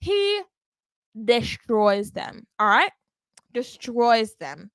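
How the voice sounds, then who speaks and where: A woman hosting a wrestling podcast, recapping a live show in an animated, emphatic way and often checking in with "okay?". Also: on the high side, extremely slow, smooth, dry recording. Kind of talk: live watch-along recap.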